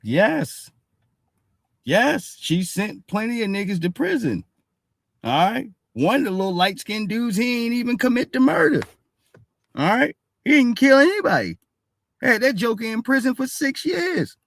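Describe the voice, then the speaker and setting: Man, lively animated pitch, dry close sound, casual reaction host, blunt and profane. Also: a little slow, creaky, dry recording. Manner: blunt, profane, keeps saying "all right". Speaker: streamer reacting to a clip.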